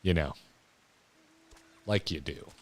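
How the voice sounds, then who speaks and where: A man's voice: a bass voice, slow. A man streaming a video game, joking and muttering casual commentary. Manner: joking, mumbling asides, laughs often. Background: faint game music.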